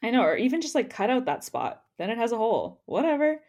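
Woman, podcast co-host, fairly high voice, very lively pitch, chatty, laughs a lot. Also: fast. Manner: chatty, laughs often, reacts expressively. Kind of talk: casual chat recapping a reality show.

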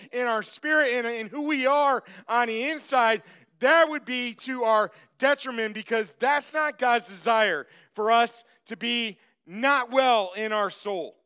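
A man's voice: very high voice, clear, resonant tone. A male pastor preaching a sermon and telling a personal story from his farm childhood. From grew up on a farm. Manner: storytelling, animated when acting out the story. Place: church.

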